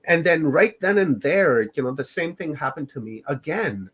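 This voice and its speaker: A middle-aged man from Canada, a podcast guest recounting his own experiences in a loose, unhurried way. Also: fairly high pitch, animated, a bit bright, breathy edge. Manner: unhurried, rambling storytelling. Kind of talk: personal storytelling in an interview.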